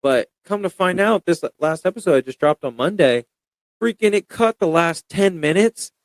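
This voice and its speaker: A man's voice: sits high, moderate pace, no room sound. Casual rambling young man, dry sound. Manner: rambling, animated storytelling with many fillers. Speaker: guest podcaster. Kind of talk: casual chat.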